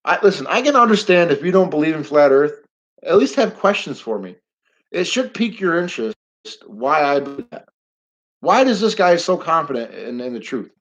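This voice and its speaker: A man's voice: a little high, muffled recording. A middle-aged man hosting a casual live stream, talking bluntly and rambling, getting heated and swearing now and then.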